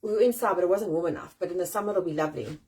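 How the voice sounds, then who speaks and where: A South African woman in her forties hosting a casual live-stream chat from home, animated, self-deprecating and swearing freely. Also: fairly low pitch, rapid-fire, slightly rough, poor audio. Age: 40s. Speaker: host. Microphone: phone or webcam on a live stream.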